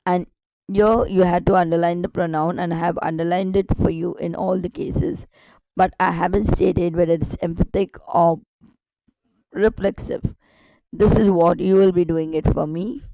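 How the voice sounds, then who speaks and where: A woman's voice: on the low side, steady tone, normal speed, creaky, warm tone, dry recording, rough recording. A woman teaching a grammar lesson online, explaining step by step with repetition and rhetorical questions.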